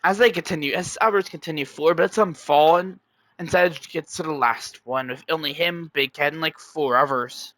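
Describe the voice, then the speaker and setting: A man's voice: a little high, normal speed, sharp tone, no room sound. A young man narrating an amateur story in a rambling way, often restarting and chaining clauses.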